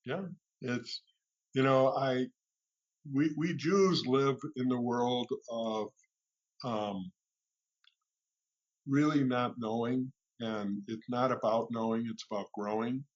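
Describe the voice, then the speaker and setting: A male radio guest with a mid-range voice who tells his stories in loose, halting runs full of restarts. The sound is a little dull, like a muffled radio recording. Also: medium pitch, fairly even intonation. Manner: storytelling, restarts and fillers. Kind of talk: casual radio conversation.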